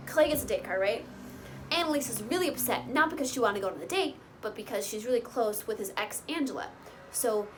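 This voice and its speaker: A woman casually recapping a reality show, chatty, with lots of "like" and "you know" and lively quoted bits. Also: fairly high pitch, a little hiss or hum, poor audio. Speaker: recap host.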